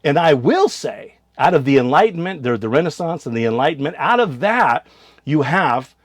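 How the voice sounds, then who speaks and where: A man, a missionary and show host, preaching in a casual monologue, firing rhetorical questions and swinging between loud bursts and quiet asides. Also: on the high side, big pitch swings, moderate pace, dry recording, clean studio sound. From United States.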